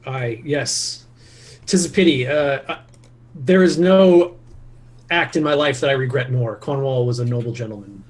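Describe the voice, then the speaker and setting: A man's voice: mid-range voice, normal speed, lightly acted. A man voicing a solemn, courteous male knight who speaks in an archaic, courtly way in a tabletop game.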